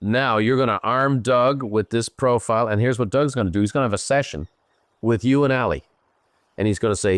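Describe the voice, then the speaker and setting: A middle-aged Irish man hosting a show, coaching a guest in an animated, emphatic way. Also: mid-range voice, brisk, clear, resonant tone, dry recording, studio quality. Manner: animated, emphatic, slips into playful voices for others. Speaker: host and business coach. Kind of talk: live coaching Q&A.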